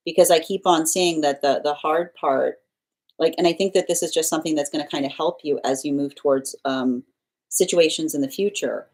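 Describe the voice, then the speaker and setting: A woman's voice: low voice, a little fast, a little mellow. A woman giving a live tarot reading, rambling and circling back with repeated phrases and restarts. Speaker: tarot reader.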